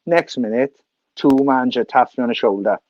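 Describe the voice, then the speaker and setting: A Welsh man in his thirties telling an animated, sweary story as a podcast guest. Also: mid-range voice, a little fast, no room sound, muffled recording. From Wales. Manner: animated, sweary, laughs through anecdotes. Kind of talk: casual storytelling.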